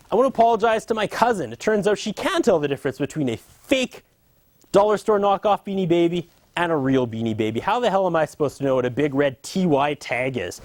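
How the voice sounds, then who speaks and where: Sarcastic high-voiced man ranting apologies. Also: animated, brisk, a little mellow, no echo. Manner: mock-apologetic, sarcastic rant. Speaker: host. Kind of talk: deadpan comedy monologue.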